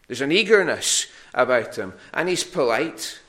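Male preacher, mid-pitched, conversational sermon delivery, repeats words while finding them. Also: very animated, normal speed, fairly bright tone. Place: church hall.

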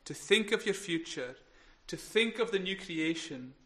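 A man preaching a sermon in an earnest way, building to emphatic peaks and then dropping quiet. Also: high voice, animated, unhurried. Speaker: pastor.

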